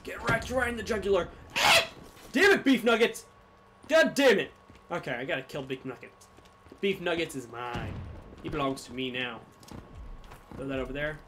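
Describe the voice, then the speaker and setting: A man giving live gameplay commentary as a gaming YouTuber, swinging from low muttering to sudden yelling. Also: expressive, normal speed, pauses often, background noise.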